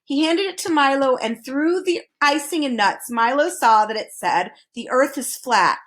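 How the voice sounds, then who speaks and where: A woman narrating a children's storybook in an expressive, animated way. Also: high-pitched, normal speed. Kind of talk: storybook reading.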